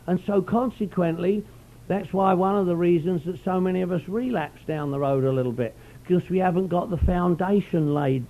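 Over phone-quality audio, a middle-aged man whose voice sits high shares his story at a recovery meeting. He wanders as he talks, folksy and fond of saying "you know."

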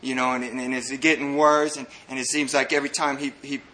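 A man's voice: mid-range voice, little pitch movement, quick pace, sharp tone. A man from El Paso, a recovering addict telling a group his story in an earnest, rambling way, full of repeated "and"s and "man"s. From United States (El Paso, Texas). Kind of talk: personal recovery testimony to a group.

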